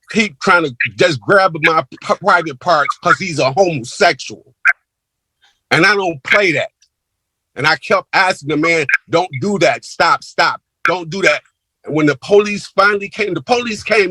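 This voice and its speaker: A man's voice: fairly high pitch, sharp tone, no room sound, low-quality recording. A crime victim, a man, giving a heated, emphatic victim impact statement to a court over a video call.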